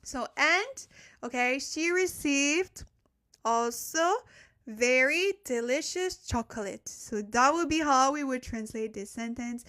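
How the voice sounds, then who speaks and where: A woman's voice: sits high, expressive, takes it slowly, fairly bright tone. A young woman, not a native English speaker, teaching a casual live-streamed language lesson at a desk mic, chatty and laughing often as she reads the chat. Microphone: desk microphone.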